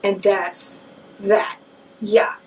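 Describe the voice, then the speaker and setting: A woman teaching a paint-along painting lesson, chatting and telling lively stories with playful asides as she works. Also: mid-range voice, very slow, far from the mic. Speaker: painting instructor. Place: home art studio.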